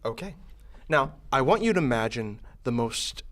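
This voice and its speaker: A young male student debater giving a sardonic, joking pitch against a film. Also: big pitch swings, normal speed, a bit bright. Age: young adult. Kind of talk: comic argument.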